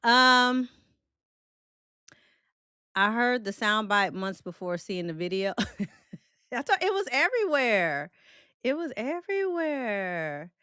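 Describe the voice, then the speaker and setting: A woman's voice: medium pitch, slow pace, long pauses, clean tone, dry recording, clean studio sound. A woman hosting a casual live stream, reading viewer comments aloud and reacting bluntly with jokes and laughter. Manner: animated, blunt and joking, with frequent laughter; loose, colloquial Southern-tinged phrasing. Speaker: host of a film and celebrity live stream.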